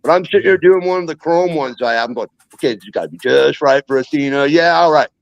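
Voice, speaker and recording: A man's voice: a little high, lively intonation, fast, gravelly, no room sound. A man telling rambling, jokey stories in a casual chat as a guest. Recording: dull lo-fi dry sound.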